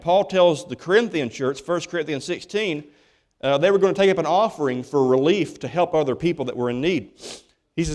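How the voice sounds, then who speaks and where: A pastor in church speaks fast, his slightly high voice a bit mellow and lively in intonation. The sermon is folksy and emphatic, with many false starts.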